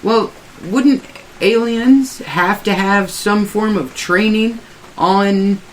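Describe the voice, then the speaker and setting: A woman's voice: medium pitch, takes it slowly, slight background noise, low-quality recording. Playful woman floating a theory. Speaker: panel guest. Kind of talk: casual roundtable radio chat.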